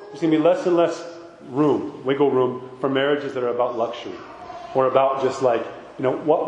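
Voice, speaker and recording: Priest guy chatting through a sermon, kinda high mellow voice, big echoey hall. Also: slight background noise. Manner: conversational, rhetorical "right?" asides. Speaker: Orthodox priest. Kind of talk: informal sermon talk. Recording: echoey hall with long reverb.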